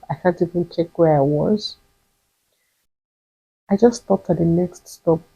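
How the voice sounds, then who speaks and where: A young Nigerian woman with a Nigerian accent and a slightly husky voice, telling a personal story on her vlog with emphatic repetition and bits of pidgin. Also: lowish voice, dark tone, low-quality recording. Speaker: vlogger.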